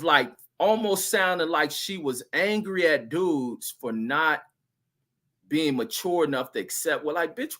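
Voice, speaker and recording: A man's voice: high-pitched, bright, forceful tone. A middle-aged man hosting a livestream, reading chat comments and telling loose, crude stories in a casual, profane rant.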